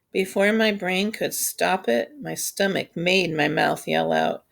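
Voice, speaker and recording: A woman reading a children's novel aloud in a steady, unhurried storytelling voice. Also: medium pitch, gravelly. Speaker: audiobook reader. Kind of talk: scripted narration.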